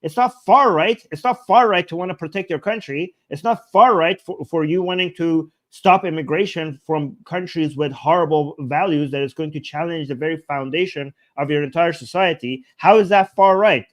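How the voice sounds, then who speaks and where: A man's voice: a little high, normal speed, few pauses. A man hosting his channel, reacting to a clip in casual commentary, sarcastic and incredulous, often repeating himself. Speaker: channel host.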